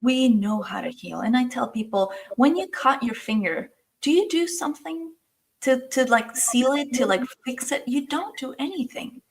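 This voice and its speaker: A woman's voice: high voice, lively intonation, normal speed, low-quality recording. A woman hosting a podcast interview, speaking in an affirming, reflective way. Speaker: podcast host. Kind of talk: conversational interview.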